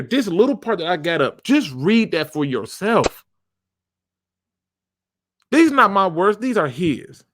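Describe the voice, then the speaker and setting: A man hosts his football fan channel in a casual, emphatic rant, leaning on slang and repeating lines to hammer a point home. His voice sits a bit high and swings widely in pitch. The sound is dry and close, with no room around it. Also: a bit bright, dry recording. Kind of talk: casual sports commentary rant.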